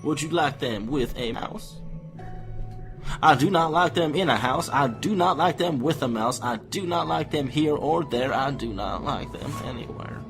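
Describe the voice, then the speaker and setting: A man reading a children's rhyme in a slow, drawling impression of a folksy politician. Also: a little high, expressive, over music.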